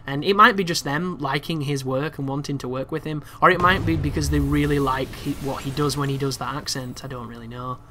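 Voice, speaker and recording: A young man giving casual, chatty commentary over a video game walkthrough, excitable and swearing freely. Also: medium pitch, brisk, few pauses, crowd noise. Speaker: gameplay commentator.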